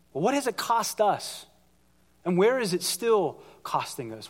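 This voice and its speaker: A high-voiced man preaches to a church congregation, talking in a lively, conversational way and slipping into little acted-out voices for the people he quotes. His voice carries a long hall reverb. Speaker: pastor. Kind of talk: sermon.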